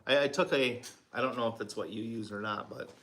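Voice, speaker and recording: A man's voice: mid-range voice, fairly quick, a bit bright, slight background noise. A man co-hosting a casual livestream, reading viewer comments and talking in hesitant, stumbling restarts. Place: home craft room.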